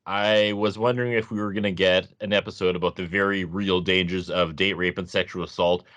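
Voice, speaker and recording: Man, low voice, casual podcast chat, sarcastic, laughs a lot. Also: fairly even intonation, a little fast, fairly bright tone. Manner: laughs often, sarcastic asides. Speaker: podcast co-host.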